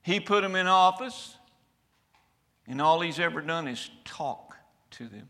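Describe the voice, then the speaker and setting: A man preaching a fiery sermon, swinging from loud shouted climaxes to quiet, low passages. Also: lively intonation, a little slow. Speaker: pastor. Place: church sanctuary.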